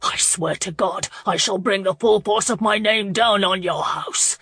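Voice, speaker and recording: A furious young duke demands and pleads with force, as a woman narrator reads his lines. The voice sits at a middle pitch. The sound is dry and close. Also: a little slow, fairly bright tone, breathy edge, no echo, faint music behind. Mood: impassioned.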